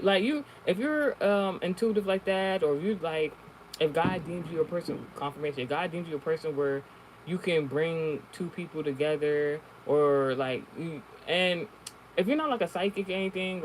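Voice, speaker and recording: A woman telling a spiritual story to her stream in a casual monologue, animated and profane, with lots of fillers and laughs. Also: low voice, slight background noise, rough recording. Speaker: spiritual reader.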